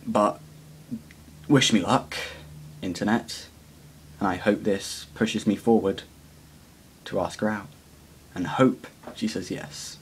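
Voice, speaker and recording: A lowish male voice belongs to a teenage boy doing a casual confessional vlog, with slight background noise in the clip. Self-deprecating and awkward, he laughs often and rambles, full of fillers and pauses.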